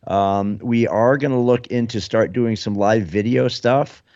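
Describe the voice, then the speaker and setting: A man's voice: medium pitch, steady tone, a little slow, a little mellow, dry recording. A man hosting a casual podcast, joking and teasing his guests. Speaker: podcast host. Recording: dull, dry lo-fi sound.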